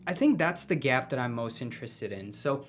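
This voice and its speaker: A man's voice: medium pitch, lively intonation, moderate pace, slight background noise. A man from Pakistan whose first language is Urdu, talking loosely in a casual solo vlog, musing aloud with many fillers and restarts. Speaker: vlogger.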